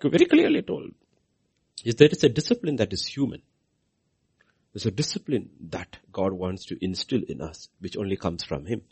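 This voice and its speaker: A man preaching a sermon, repeating key phrases and swinging his voice from soft lows to loud highs for emphasis. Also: big pitch swings, normal speed, vocal fry, husky.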